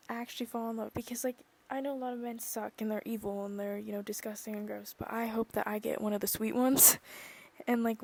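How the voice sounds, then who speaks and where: A woman's voice: fairly high pitch, gravelly, darkish tone. A young woman chatting casually on her own podcast, rambling and gushing with many fillers, sometimes dropping to a whisper. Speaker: podcast vlogger. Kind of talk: casual chat.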